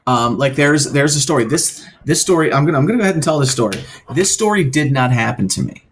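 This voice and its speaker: A man co-hosting a casual podcast, telling stories in an animated way and slipping into voices. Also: on the high side, quick pace. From Philadelphia area. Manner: animated storyteller, does voices in anecdotes. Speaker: podcast co-host. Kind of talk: casual chat.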